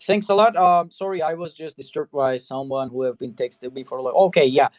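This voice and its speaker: A man hosting a relaxed talk show, his voice sitting a little higher than most men's. He rambles easily from thought to thought, padding every sentence with casual fillers. The sound is close and dry, with no room around it. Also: fairly quick, dry recording. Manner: loose and chatty, leaning heavily on "you know" and "I mean". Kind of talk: casual interview chat.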